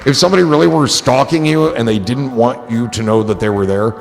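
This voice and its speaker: A man's voice: mid-range voice, fairly quick, vocal fry, big-room sound. A man hosting a casual livestream, reading out chat comments and riffing on them in a rambling, joking, profane way. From New Jersey.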